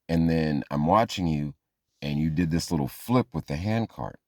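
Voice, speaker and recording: A man's voice: a bass voice, moderate pace, dry recording, clean studio sound. A man voicing a clingy, grieving older woman in a comic story, rambling and pleading.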